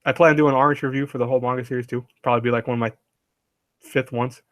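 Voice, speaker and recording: A man's voice: mid-range voice, flat delivery, racing, fairly bright tone, no echo, clean studio sound. A man hosting a casual live stream, rambling and chatty, laughing often and reading chat aloud.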